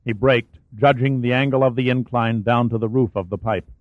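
A man's voice: medium pitch, moderate pace, dry recording. Man narrating a thriller, tinny phone-like line. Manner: steady, dramatic storytelling. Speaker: audiobook narrator. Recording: dry, tinny phone-like sound.

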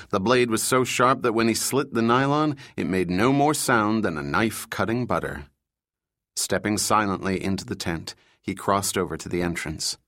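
A man reading a thriller audiobook in steady, measured scripted narration. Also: lowish voice, no echo, clean studio sound.

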